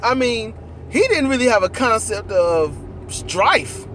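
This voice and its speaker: A man in casual, animated conversation about a movie, riffing with profanity and acting out lines while riding in a car. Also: very high voice, slow, a little hiss or hum. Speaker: co-host.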